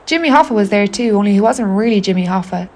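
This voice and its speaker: Narrating an autofictional audio artwork, an Irish-accented woman confides in the listener through a wry, sweary, intimate spoken-word monologue. She speaks quickly and animatedly at a medium pitch.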